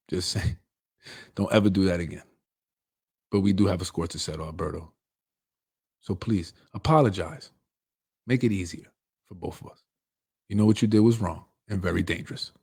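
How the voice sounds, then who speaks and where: A man's voice: low-pitched, a little mellow, slightly rough. Man, middle-aged, political show host, streetwise, blunt, heated monologue.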